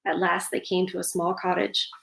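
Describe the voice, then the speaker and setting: A woman's voice: fairly low pitch, flat delivery, moderate pace, gravelly, fairly bright tone. A woman reads a fairytale aloud and breaks off for sarcastic asides. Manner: sarcastic asides between passages. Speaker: storyteller. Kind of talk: reading a fairytale aloud with commentary. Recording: roomy echo.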